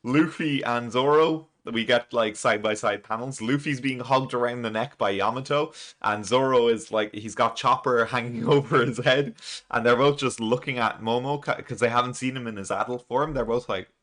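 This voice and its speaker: A man's voice: medium pitch, moderate pace, a bit bright. A man casually recapping a comic chapter, rambling with lots of fillers and frequent chuckles. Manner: chuckles often, loose and rambling with many fillers. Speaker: manga reaction channel host.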